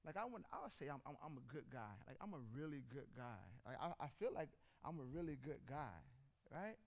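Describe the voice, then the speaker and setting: A man's voice: fairly high pitch, fairly quick, vocal fry. A man, telling stories and addressing the congregation directly. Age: 40s. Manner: animated storytelling, addresses audience directly. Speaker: preacher. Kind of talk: conversational sermon.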